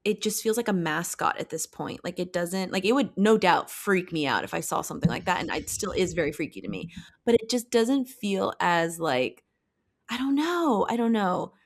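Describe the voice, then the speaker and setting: A woman's voice: lowish voice, animated, normal speed, creaky. A young woman co-hosting a podcast, chatting casually and hedging a lot as she talks. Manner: chatty, hedging, frequent "like" and "I don't know". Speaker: podcast co-host. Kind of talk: casual chat.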